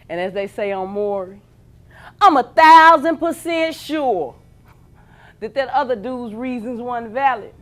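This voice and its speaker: Woman, thirties, Memphis Southern accent; spoken-word poet, intense delivery, hushed lows and shouted highs. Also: animated, unhurried, long pauses. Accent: Memphis Southern American. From Memphis, Tennessee. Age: 30s. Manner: intense, swinging from hushed low lines to shouted peaks. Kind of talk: spoken-word poetry performance.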